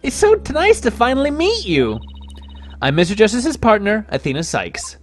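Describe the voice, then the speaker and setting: A man's voice: sits high, wildly swooping pitch, moderate pace, faint music behind, pitched above the performer's own voice. A man voicing an eager, bubbly young female lawyer in a video game. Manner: eager, chirpy. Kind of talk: reading game dialogue aloud.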